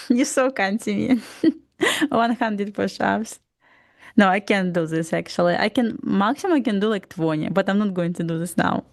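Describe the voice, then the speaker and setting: A woman's voice: medium pitch, vocal fry, a little mellow, no room sound, clean studio sound. A woman with a Russian accent co-hosting a live trading stream, pronouncing every letter carefully in casual chat.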